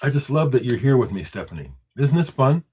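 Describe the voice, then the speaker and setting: A man's voice: medium pitch, very animated, brisk, mellow, breathy edge. A man who is a musician, hosting a casual live stream, replying to viewers' comments and emphatically talking up his own records. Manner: emphatic, boastful, replies to chat comments.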